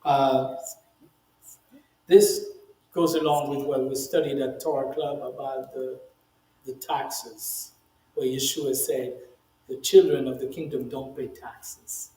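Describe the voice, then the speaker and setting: A man's voice: medium pitch, little pitch movement, slow, long pauses, warm tone. A man, a rabbi, giving a conversational Bible teaching, emphatic and lifting his voice when he reads quoted speech, with frequent "you know" asides. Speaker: rabbi teaching the weekly Torah portion. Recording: roomy echo.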